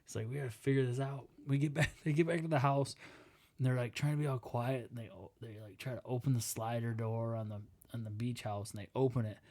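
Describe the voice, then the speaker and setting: A man co-hosting a casual podcast, telling a story with lively acted-out quotes and laughing as he talks. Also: mid-range voice, fast. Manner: animated storyteller, acts out quotes, laughs while talking. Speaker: podcast co-host.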